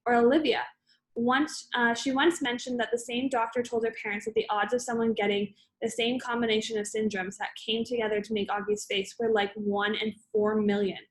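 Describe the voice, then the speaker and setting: A woman's voice: fairly high pitch, low-quality recording. A woman reading a novel aloud in first person, plainly, with small slips and self-corrections. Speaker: audiobook reader.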